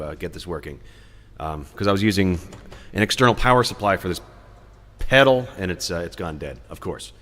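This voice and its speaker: A man's voice: sits low, a bit bright, in a large hall. A man hosting a live music stream, chatting casually between songs, rambling and joking as he reads viewer comments aloud.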